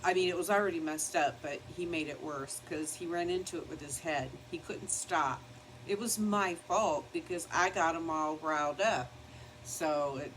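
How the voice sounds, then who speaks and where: With a fairly low pitch and a fairly bright tone, an older beauty vlogger chats casually as she does her makeup at her home vanity. Her get-ready-with-me talk rambles, broken by the occasional scolding of her dog. The audio is poor, carrying a little hiss or hum.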